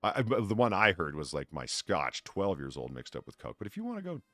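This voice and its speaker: A man's voice: low voice, huge pitch swings, fairly quick, pushed and bright, no echo, faint music behind. A man hosting a casual podcast, reading out donations, often laughing and repeating words. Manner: laughing, stammering restarts. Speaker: podcast host.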